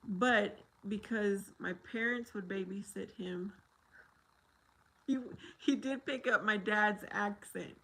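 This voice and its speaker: An American woman hosts a casual livestream and talks unhurriedly in a bright, clear voice. She rambles in a chatty way and laughs often as she answers her viewers. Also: mid-range voice, steady tone, takes it slowly, poor audio. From United States.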